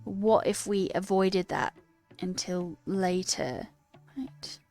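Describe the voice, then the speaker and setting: A woman's voice: medium pitch, takes it slowly, a little mellow, soft background music. An American woman hosting a casual coding livestream, thinking aloud and hesitating and joking at her own expense. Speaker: livestream host.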